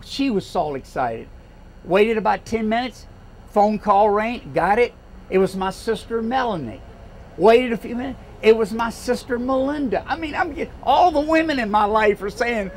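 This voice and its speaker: A man's voice: extremely high pitch, animated, moderate pace, a little hiss or hum. An older man from Louisiana with a Southern American accent, giving a folksy, rousing campaign speech full of stories. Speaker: political speaker.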